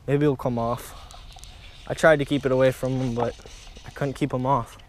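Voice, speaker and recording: Young male fishing vlogger, mid pitch, outdoors by a pond on a camera mic with faint background noise, chatty and excitable. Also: normal speed. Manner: excitable, repeats himself, keeps saying "guys" and "oh my gosh". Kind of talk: casual outdoor vlog commentary.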